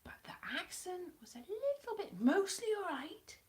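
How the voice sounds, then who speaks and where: A woman's voice: very high-pitched, very animated, normal speed, a little mellow. A woman from South Wales, chatting casually and self-deprecatingly on a live stream.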